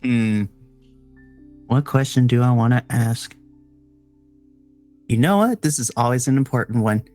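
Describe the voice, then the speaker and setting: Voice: medium pitch, unhurried, darkish tone, faint music behind. A player in a casual tabletop game, chatty and giggling often.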